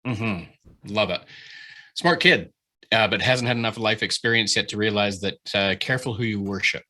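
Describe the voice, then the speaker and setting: A man leading a writing workshop over a video call, giving an animated, informal critique, swearing freely and often restarting his sentences. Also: on the low side, moderate pace.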